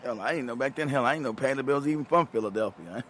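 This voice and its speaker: A man in his fifties hosts a show, spinning loose, profane stories, laughing a lot and repeating himself along the way. His voice sits at medium pitch with a fairly bright tone, and he talks very fast. There's slight background noise.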